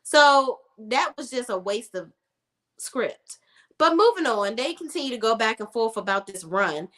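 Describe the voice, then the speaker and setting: A woman's voice: a little high, animated, measured pace, bright, forceful tone. A young woman recapping a TV episode in a casual, sassy, emphatic way, repeating words for emphasis. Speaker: TV show reviewer.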